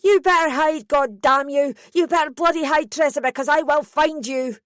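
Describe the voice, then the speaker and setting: A woman's voice: a little high, normal speed, a little mellow, dry recording, studio quality, lightly acted. A woman voicing a furious, volatile middle-aged mother who screams and shrieks.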